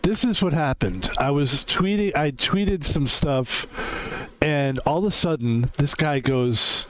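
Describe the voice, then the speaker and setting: A man's voice: fairly high pitch, takes it slowly, fairly bright tone, no echo, poor audio. A man streaming online poker who talks in a casual, rambling, self-mocking way, with a lot of "like". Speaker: game streamer. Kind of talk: casual live-stream commentary.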